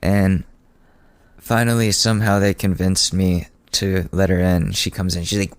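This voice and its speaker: A podcast host telling a personal story in a casual, sardonic, rambling way, with frequent restarts. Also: male voice, low voice, little pitch movement, unhurried, no room sound.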